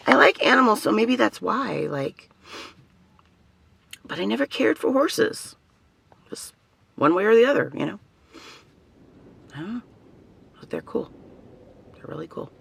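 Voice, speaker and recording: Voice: medium pitch, big pitch swings, measured pace, vocal fry, long pauses, a bit bright, breathy edge, dry recording. A vlogger talking casually to camera, rambling and chatty, often trailing off and starting sentences over. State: has facial tics. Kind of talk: casual personal vlog.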